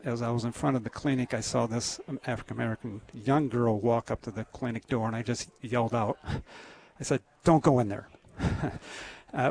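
Gravelly-voiced earnest man. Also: medium pitch, a little mellow. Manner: earnest, halting with many restarts. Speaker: radio guest. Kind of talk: casual radio interview.

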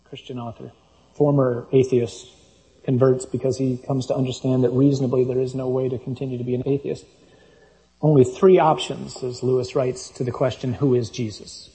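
A man's voice: mid-range voice, little pitch movement, moderate pace, warm tone, low-quality recording. A man preaching a sermon, reading scripture aloud and making his points with emphatic, punchy delivery.

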